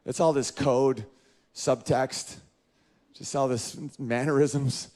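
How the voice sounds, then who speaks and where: A man in his thirties doing an animated stand-up comedy routine, jumping in and out of character voices. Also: slow. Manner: animated, jumps into high-pitched character voices.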